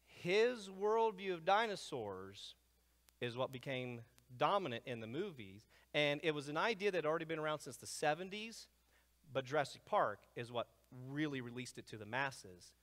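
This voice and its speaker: A man giving an energetic lecture to a live audience, jumping between loud, excited asides and hushed remarks. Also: a little high, moderate pace. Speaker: speaker presenting to a live audience. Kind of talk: animated lecture. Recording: long hall reverb.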